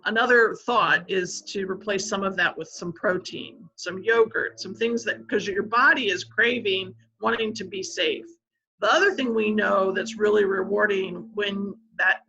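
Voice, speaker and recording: A woman speaks as a panelist in an online community discussion, her voice bright and sharp. She talks in a friendly, conversational way, with a few fillers along the way. The audio is dull and lo-fi, as heard over a video call. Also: medium pitch, fairly even intonation, unhurried.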